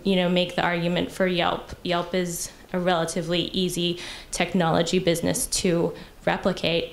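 Creaky-voiced woman explaining her startup. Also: fairly low pitch. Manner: explanatory, uses filler "you know". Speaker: social entrepreneur pitching. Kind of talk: answering judges' questions.

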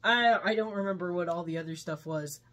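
A woman's voice: lowish voice, a little fast, fairly bright tone. A woman reviewing a movie in casual chat, laughing often as she retells scenes.

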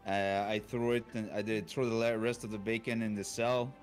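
A man's voice: on the low side, little pitch movement, normal speed, soft background music. A man playing a tabletop game, chatting casually and playfully with his group. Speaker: player.

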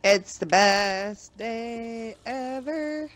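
A woman chatting playfully with friends while they play a game on stream, tossing out short quips. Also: on the high side. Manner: playful, quick one-liners. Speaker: co-player on stream. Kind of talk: casual live-stream chat.

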